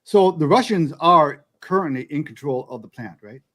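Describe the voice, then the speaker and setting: A man's voice: on the high side, animated, moderate pace, fairly bright tone. A man co-hosting a podcast, chatting casually and adding wry, cynical asides. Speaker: podcast co-host. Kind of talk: casual political chat.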